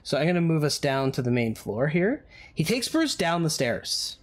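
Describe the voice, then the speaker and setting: A man narrating a tabletop game as game master, in descriptive, halting narration with fillers. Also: fairly high pitch, big pitch swings.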